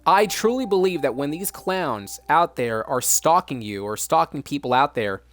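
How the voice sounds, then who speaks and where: A man's voice: fairly high pitch, expressive, normal speed. A man hosting a mock news broadcast, dramatic and emphatic, repeating words for effect.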